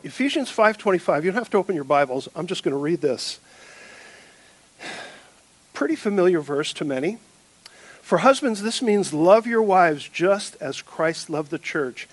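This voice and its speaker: A male pastor giving a sermon, first in a quiet prayer, then preaching with questions to the congregation and light humor. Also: sits high, expressive, unhurried, dry recording.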